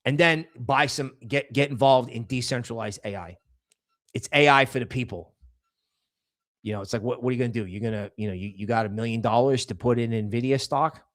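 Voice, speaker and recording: A man's voice: mid-range voice, fairly quick. A man hosting a crypto livestream, talking casually and emphatically, with frequent restarts. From New York area.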